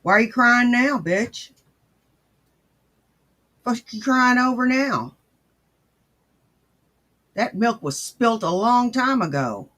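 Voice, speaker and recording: A man hosting a mocking reaction commentary, his voice high and bright. He swings widely in pitch as he sneers and swears at what he's watching. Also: lively intonation, slow, pauses often. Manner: crude, profane and sneering. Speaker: commentary host.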